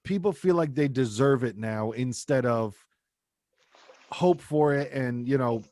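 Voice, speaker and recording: A man co-hosting a podcast, chatting casually and acting out quoted lines with lively, profane storytelling. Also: medium pitch, measured pace, dry recording, studio quality. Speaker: podcast co-host. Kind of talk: casual chat.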